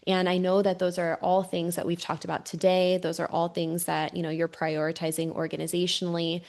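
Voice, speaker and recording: A woman's voice: on the low side, level tone, brisk, darkish tone. A woman hosting a podcast, asking questions in a polite, conversational way. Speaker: podcast host. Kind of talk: interview.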